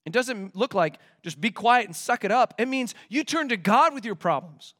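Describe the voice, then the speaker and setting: A male pastor preaching a sermon in an animated, conversational way, with vivid everyday examples. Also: high-pitched, moderate pace, hardly any pauses.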